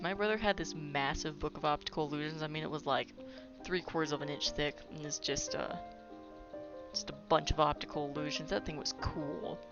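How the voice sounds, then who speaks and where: A woman playing a video game who reads its text aloud and breaks off into playful, chatty asides. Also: low voice. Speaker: let's play gamer. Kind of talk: reading game text aloud with casual commentary. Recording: dull recording with game music.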